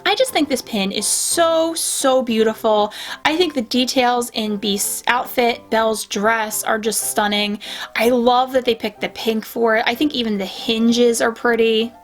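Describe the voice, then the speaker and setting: A young woman talks through her collection in a casual vlog, gushing and chatty with plenty of fillers. Her voice sits a little high. Soft music plays faintly underneath. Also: fairly even intonation, unhurried. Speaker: pin collecting YouTuber. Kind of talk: casual show-and-tell vlog.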